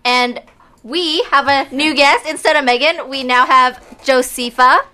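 A woman's voice: high-pitched, fairly even intonation, unhurried, pushed and bright. A young woman hosting a campus radio show in the studio, chatty and enthusiastic, casually urging listeners to call in.

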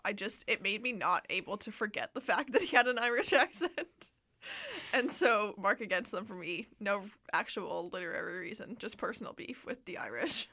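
Bright-voiced young woman, wry chatter. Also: medium pitch, normal speed. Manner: wry, self-deprecating, animated retelling. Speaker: book podcast co-host. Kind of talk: casual chat.

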